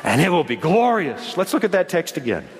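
Animated preacher with a high, lively voice. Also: male voice, brisk, in a large hall. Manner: animated, swinging from quiet asides to shouts. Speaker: pastor. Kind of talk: sermon.

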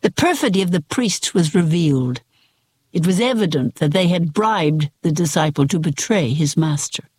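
A reader giving a measured, expressive scripted narration of a religious book. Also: medium pitch, breathy edge. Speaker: audiobook reader.

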